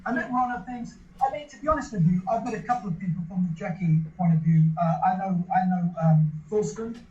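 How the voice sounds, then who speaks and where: A man's voice: sits high, brisk, warm tone. A man, interviewed in an echoey room, tells a long story in a loose, rambling way, restarting and repeating his words often. The sound is dull and a little lo-fi. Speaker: interview guest. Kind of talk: casual anecdote telling.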